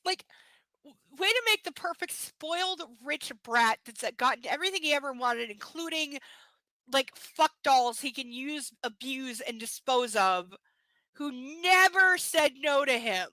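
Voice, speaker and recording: A woman reads a novel aloud, stopping often for sarcastic asides and casual swearing. Her voice is high and bright. The recording is dry and close. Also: animated, unhurried, no room sound, rough recording. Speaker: book reader. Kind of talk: live book reading with sarcastic commentary.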